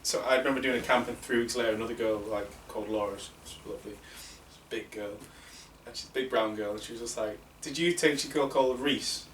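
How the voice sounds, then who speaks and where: A man's voice: lowish voice, level tone, fast talker, a bit bright. Chatty northern English man in an echoey room. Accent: northern English, near Manchester. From England. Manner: chatty storyteller, laughs as he talks. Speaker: guest, wrestler. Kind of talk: casual chat. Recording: echoey room, distant mic, faint hiss.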